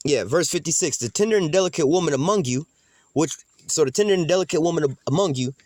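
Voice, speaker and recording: A man's voice: fairly high pitch, expressive, fast, darkish tone, dry recording. A man preaching informally from the Bible, slangy and profane, rambling and repeating "man" and "you know what I'm saying". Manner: acts out quoted relatives in heated voices. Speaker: street preacher.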